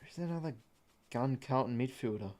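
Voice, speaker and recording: A man's voice: medium pitch, fairly quick, a little mellow. A young man with an Australian accent hosts a casual live stream in an everyday mid-range voice. He chats loosely with viewers and half-mutters to himself as he thinks, and typing on a keyboard is heard behind him. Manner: chatty, muttering to himself while doing a quiz, greeting chat viewers. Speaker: streamer hosting a live watch-along.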